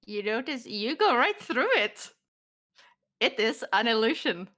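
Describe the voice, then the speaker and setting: A woman's voice: on the high side, big pitch swings, a little slow, bright, forceful tone. A woman running a tabletop game as game master, narrating with lots of hesitant fillers.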